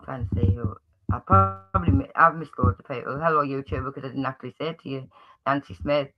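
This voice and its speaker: A man's voice: mid-range voice, fast, creaky, highs cut off, over music. A man with a Geordie accent hosting a casual livestream chat, friendly and rambling, greeting viewers by name with frequent restarts. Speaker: livestream host.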